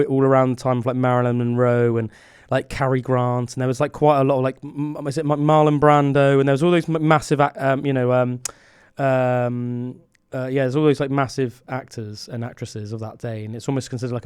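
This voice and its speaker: A man co-hosting a chatty podcast, his voice smooth and resonant and recorded dry and close. He rambles along with plenty of fillers and restarts. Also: medium pitch, flat delivery, fairly quick, hardly any pauses, darkish tone, dry recording. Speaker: podcast co-host. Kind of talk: casual chat.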